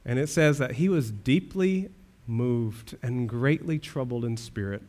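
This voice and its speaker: A man's voice: medium pitch, measured pace, a little mellow. Earnest man preaching a sermon. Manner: earnest preaching with rhetorical questions and swells of emphasis. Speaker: pastor.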